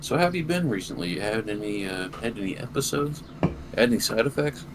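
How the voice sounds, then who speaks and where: A young man with a very low voice tells a long, rambling story on a casual podcast. He swears freely, and steady background noise runs under the recording. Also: fairly quick. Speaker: podcast co-host.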